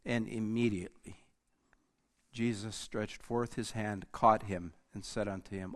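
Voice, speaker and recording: A man preaching a sermon, slow and deliberate, rising in force and then dropping almost to a hush. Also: lowish voice, steady tone. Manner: slow, deliberate preaching that rises and drops to near-quiet.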